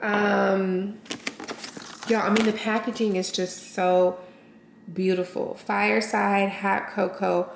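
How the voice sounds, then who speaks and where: A woman vlogger talks straight to her camera in an excited, gushing unboxing chat, tossing out exclamations and calling her viewers y'all. She speaks at an unhurried pace. The sound bounces around a roomy space, with a faint hiss underneath. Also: medium pitch, vocal fry. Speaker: lifestyle vlogger. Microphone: camera mic. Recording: roomy echo with faint noise.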